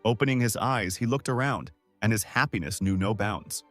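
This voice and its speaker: A man's voice: lowish voice, normal speed, fairly bright tone, soft background music. A man narrating a comic story recap in a scripted storytelling style.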